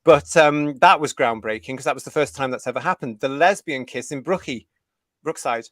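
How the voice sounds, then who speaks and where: A middle-aged British man co-hosting a fan talk show, blunt and opinionated, reading articles aloud with halting restarts. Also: medium pitch, a bit bright, no room sound, studio quality. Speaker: co-host.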